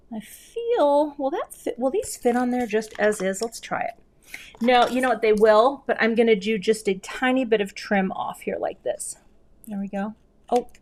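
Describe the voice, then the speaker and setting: Middle-aged woman, casual live craft stream, talks while working, self-deprecating, average pitch. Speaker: card-making host. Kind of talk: live crafting demo chat.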